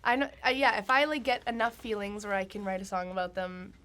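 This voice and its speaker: A woman's voice: mid-range voice, quick pace, a bit bright. Giggly young woman chatting casually. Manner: giggly, filler-heavy, trailing off. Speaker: guest musician. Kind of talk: casual interview chat.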